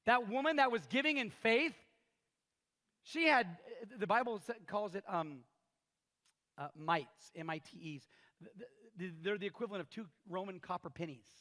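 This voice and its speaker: A man's voice: high voice, moderate pace. A man in his fifties preaching a sermon as pastor, telling stories and acting out the voices of the people in them. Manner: animated storytelling, acts out quoted voices. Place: large church hall. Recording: live church hall with long reverb.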